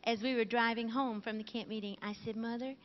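Giggly high-voiced woman in a big hall. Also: steady tone, fast talker. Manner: giggly, emotional, laughs often. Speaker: co-host of a Christian TV show. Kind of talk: warm testimony to a live crowd. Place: large camp meeting hall with live audience. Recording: 1980s TV broadcast, lo-fi, reverberant hall.

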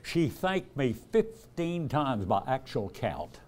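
Slow and sing-song, his medium-pitched voice has a darkish tone. He's an older man preaching a storytelling sermon, folksy in manner, performing the characters' lines loudly and chuckling frequently.

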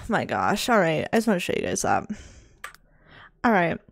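A woman giving casual commentary over her life-sim gameplay, excitable and dramatic, gasping and laughing as she reacts. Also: fairly low pitch, normal speed, vocal fry. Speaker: video game let's-play host.

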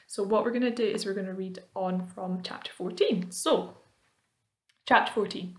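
A woman reading a children's book aloud in a friendly way, pausing to explain the story to young listeners. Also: mid-range voice.

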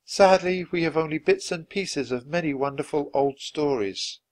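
A man voicing a calm, wise enchantress woman in a storybook reading, gently. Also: a little high, moderate pace, pitched above the performer's own voice, close to an everyday voice. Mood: gentle.

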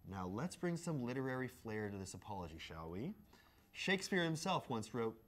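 A man's voice: medium pitch, very animated, moderate pace, fairly bright tone. Mock-grand man reading, swooping voice. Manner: mock-grand, playful delivery. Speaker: video creator reading a letter aloud. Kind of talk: comedic reading of a written letter.

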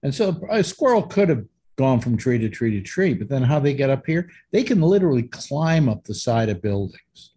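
Husky new guy telling a story on a chat show, voice bouncing up and down. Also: mid-range voice, normal speed, hardly any pauses. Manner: animated storyteller, shouts quoted lines. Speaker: host.

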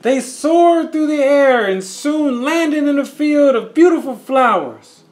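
Older grandfather type reading to kids, unhurried, very expressive pitch, music bed. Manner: slow, expressive, asides to young listeners. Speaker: storyteller. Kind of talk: reading a children's picture book aloud.

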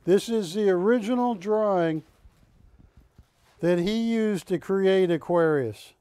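This shopping channel host speaks slowly in a high-pitched, clear, resonant voice, with no room sound. During his live art sales pitch, he jokes around animatedly and teases his co-hosts.

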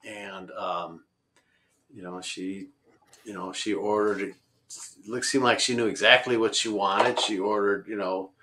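Man, conversational storytelling, rambling, fillers and restarts, bright forceful tone. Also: fairly low pitch. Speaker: road-trip traveler guest.

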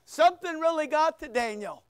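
High pitched guy preaching real slow, dry close sound, gets loud then drops quiet. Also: expressive, dry recording. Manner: emphatic preaching with sudden loud bursts and quiet asides. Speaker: pastor. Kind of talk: sermon.

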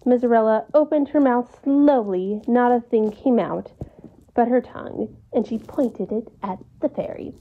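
A woman calmly and expressively reading a children's story aloud. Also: a little high, a little slow, phone-quality sound, a little hiss or hum. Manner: calm, expressive read-aloud.

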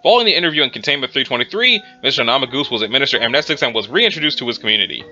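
A man's voice: mid-range voice, expressive, racing, sharp tone. A man, the host, reading horror entries aloud with chatty asides and a slightly strained throat. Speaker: reader and host. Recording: dull lo-fi with music behind.

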